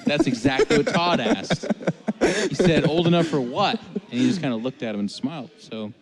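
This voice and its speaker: A man's voice: mid-range voice, huge pitch swings, normal speed, gravelly, over a noisy crowd. A man, an esports commentator, chatting casually and joking, acting out imagined conversations. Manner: joking, acts out imagined dialogue. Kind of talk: casual chat.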